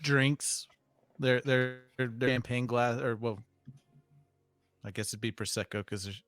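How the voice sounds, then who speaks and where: Man, tabletop player, slow halting speech, laughs often, faint music behind. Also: mid-range voice, flat delivery, a bit bright. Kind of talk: tabletop role-play chat.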